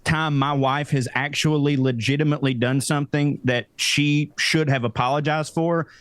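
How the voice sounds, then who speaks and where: A man's voice: fairly high pitch, fairly even intonation, normal speed, a bit bright, smooth, no room sound. A man co-hosting a podcast in casual, self-deprecating chat, swearing casually. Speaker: podcast co-host.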